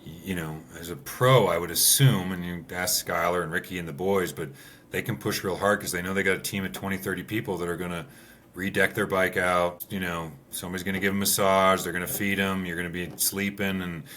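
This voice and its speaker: A man and former rally racer, telling stories in a relaxed way, full of fillers. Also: low voice, fairly quick, slight background noise. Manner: relaxed storyteller, many fillers like "you know". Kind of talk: casual conversation.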